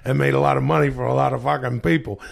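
A man's voice: medium pitch, fairly even intonation, fast, gravelly. A man putting on a New York accent to play a profane, tough-talking bookie. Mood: boastful.

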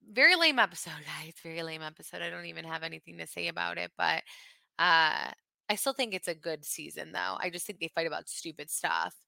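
A woman in her thirties co-hosting a casual chat podcast, animated and quick to act out her own reactions. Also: lowish voice, gravelly, dry recording. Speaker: podcast co-host.

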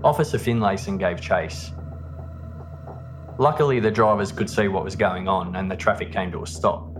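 A man hosting a podcast, telling a true-crime story in a steady, measured scripted narration. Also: low-pitched. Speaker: podcast host. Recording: narration over background music. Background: music.

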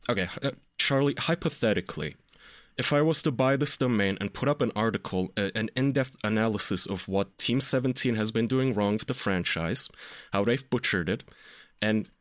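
A man co-hosting a podcast, chatting casually with friends in an animated, swearing rant. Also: lowish voice, moderate pace, no room sound. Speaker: podcast co-host. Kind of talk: casual chat.

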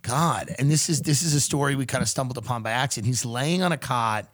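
A man hosting a podcast in loose, joking banter. His voice sits at an everyday middle pitch, and he slips into mocking quoted voices now and then. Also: quick pace, a bit bright. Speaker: podcast host.

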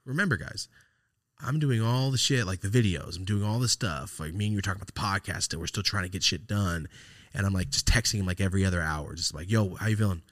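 A man's voice: low-pitched, quick pace, fairly bright tone, no room sound, clean studio sound. A man hosting a podcast, telling a rambling personal story in casual, profane talk and acting out the texts he quotes. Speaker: podcast host.

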